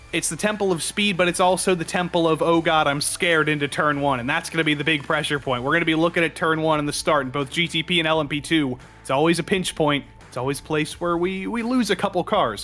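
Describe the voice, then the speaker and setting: Bright-voiced joking racing analyst man. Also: a little high. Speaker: racing co-commentator. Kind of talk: color commentary.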